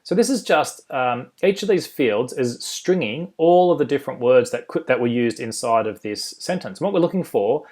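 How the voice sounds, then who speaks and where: A man with an Australian accent giving an informal screen-share tutorial, full of ums and uhs and quick self-corrections. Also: medium pitch, expressive, a little mellow. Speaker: software developer presenting a demo.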